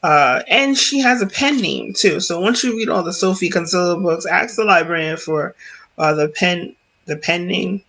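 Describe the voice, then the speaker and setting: A woman's voice: fairly low pitch, normal speed, gravelly, a bit bright, a little hiss or hum. A woman vlog host chatting casually about books, rambling and correcting herself as she goes, with frequent laughs.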